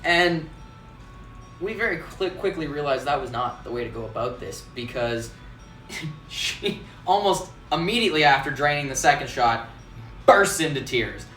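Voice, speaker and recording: Animated male bartender telling a story, roomy. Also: medium pitch, moderate pace, soft background music. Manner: animated, laughs often, acts out quotes. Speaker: bartender and host. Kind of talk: casual storytelling. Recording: roomy, distant mic, faint ambience.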